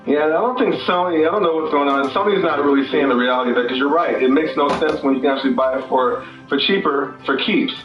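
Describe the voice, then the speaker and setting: A man's voice: on the high side, fast talker, hardly any pauses, echoey room, muffled recording, music in the background. A man calling in to a gaming show, talkative, friendly and polite in casual chat. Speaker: caller.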